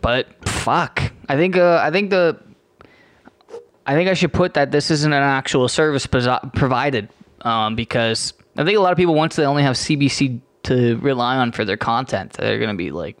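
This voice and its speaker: A man's voice: medium pitch, moderate pace, no room sound. A young Canadian man hosting his podcast in a profane, sarcastic, rambling rant with many restarts. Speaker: podcast host. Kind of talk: casual ranting monologue.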